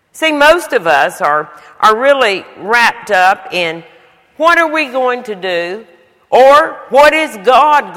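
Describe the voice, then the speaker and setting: Animated woman preaching a sermon. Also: mid-range voice. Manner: emphatic, animated storytelling. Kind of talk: sermon with storytelling. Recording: long hall reverb.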